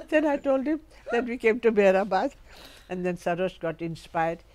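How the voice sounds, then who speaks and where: A woman's voice: on the high side, unhurried. An older woman, telling humorous stories from her life and laughing often. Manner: laughs often, lively storytelling. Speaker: storyteller recalling her life. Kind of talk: humorous storytelling. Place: home.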